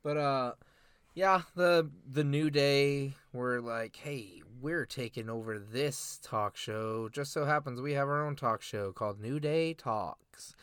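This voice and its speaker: A young man co-hosting a casual podcast, excitedly recapping a show with slang and laughter. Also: mid-range voice, slow pace, clear, resonant tone, no echo. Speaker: podcast co-host. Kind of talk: casual chat.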